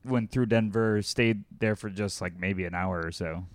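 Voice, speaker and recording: A man's voice: fairly low pitch, moderate pace, dry recording. A man chatting casually over a remote call, easygoing, making puns and laughing along. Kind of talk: casual chat.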